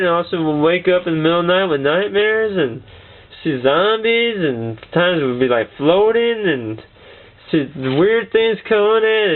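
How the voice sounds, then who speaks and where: Man, comedian, rambling anecdotes, high voice, tinny lo-fi sound. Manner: rambling, repeats "I tell you what". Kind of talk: stand-up storytelling.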